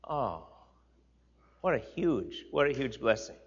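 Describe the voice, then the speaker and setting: A man's voice: mid-range voice, expressive, normal speed. An older man teaching a Bible class, reading scripture aloud and repeating words for emphasis. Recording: slightly dull lo-fi recording.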